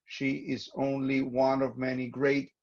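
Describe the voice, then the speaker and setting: A moderator reading audience questions aloud on a video call, hesitating now and then. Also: male voice, mid-range voice, monotone, unhurried, creaky, a little mellow, highs cut off.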